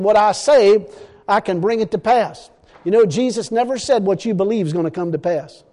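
A man preaching a sermon, his voice high but mellow and warm. He retells stories through quoted dialogue and keeps calling out hallelujah and glory to God. A long reverb trails every phrase. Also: normal speed.

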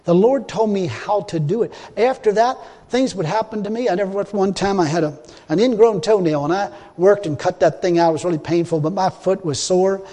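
A man with a high voice tells a personal faith story as a sermon. He talks in a plain, folksy way, jumping from loud, emphatic lines to low, groaning asides. The sound carries a long reverb, as in a large hall. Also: a little fast. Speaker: preacher. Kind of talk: sermon testimony.

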